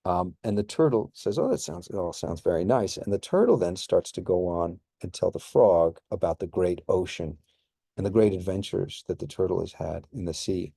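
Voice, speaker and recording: Low, mellow-voiced male professor. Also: moderate pace, vocal fry, slightly rough, dry recording, studio quality. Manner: relaxed, many fillers and restarts. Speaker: history professor. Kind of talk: recorded course introduction lecture.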